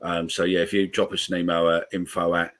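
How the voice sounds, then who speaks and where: A man's voice: low-pitched, little pitch movement, brisk, a bit bright. A man, hosting a live call-in podcast, swearing freely as he reads out comments. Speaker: podcast host.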